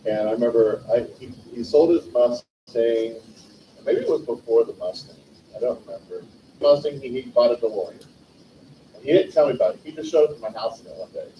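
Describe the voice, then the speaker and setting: A man's voice: medium pitch, expressive, a little fast, warm tone. Man telling stories from a distant mic. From California. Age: 40s. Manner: rambling anecdotes with self-corrections. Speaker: eulogy speaker. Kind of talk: livestreamed memorial storytelling. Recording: distant mic, roomy echo, faint noise.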